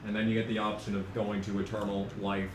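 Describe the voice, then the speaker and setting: A man's voice: lowish voice, level tone, quick pace. A young man streaming a racing game, ranting and joking with sarcastic, profane asides. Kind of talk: casual gaming commentary. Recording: echoey room, distant mic, faint noise.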